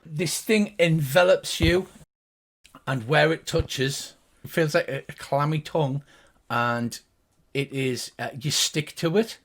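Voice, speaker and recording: A man's voice: fairly high pitch, slow, fairly bright tone. An older man running a tabletop game as game master, narrating in vivid detail with fillers.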